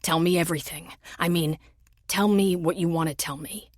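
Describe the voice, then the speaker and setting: A tender, devoted firefighter, voiced by a woman narrator, speaking low and earnest in a romance audiobook. The voice sits a little low and gentle. The recording is dry and close. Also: steady tone, normal speed, no echo, close to an everyday voice. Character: tender devoted male firefighter, adult man.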